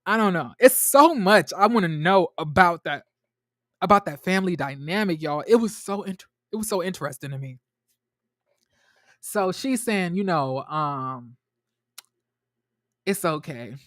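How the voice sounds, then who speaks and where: A man reviewing a TV episode for his viewers in a chatty, animated way, talking straight to them and often restarting his sentences. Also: high voice, normal speed, dry recording, studio quality. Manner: restarts and trails off a lot. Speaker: TV show reviewer. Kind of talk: casual episode recap to viewers.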